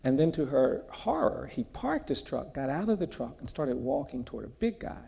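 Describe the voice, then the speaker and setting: A man with a dark, gravelly, husky voice tells a story in an earnest, measured way during an onstage conversation. His voice carries a long reverb from the large event hall around him. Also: medium pitch, sing-song. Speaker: guest speaker, justice advocate.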